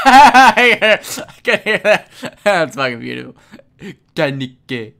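A young woman streaming a game, giving casual commentary with lots of swearing and sudden shouts. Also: on the low side, slow pace, gravelly. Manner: profane, excitable, frequent shouting.

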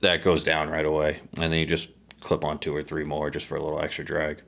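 A low-pitched man from the northeastern United States recounts a harpooning trip in casual podcast chat. He swears freely and turns animated when he tells the story. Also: fast, creaky. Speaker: podcast guest, harpoon fisherman. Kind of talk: casual storytelling over beers.

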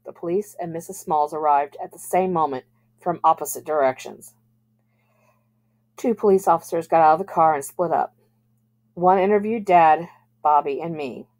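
Woman reading a novel aloud, calm. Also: sits low. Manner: calm, measured narration.

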